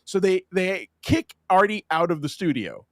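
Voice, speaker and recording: Animated, lively storytelling man. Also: sits high, moderate pace, dry recording, clean studio sound. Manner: animated storyteller, swearing, laughing. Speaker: podcast host. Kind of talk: casual chat.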